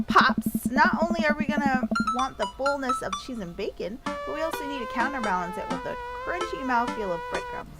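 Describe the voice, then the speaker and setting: A woman's voice: high-pitched, very animated, a little fast, hardly any pauses, over loud music, pitched above the performer's own voice, poor audio. A woman voicing a cheerful, teasing teenage daughter in a dating game she reads aloud.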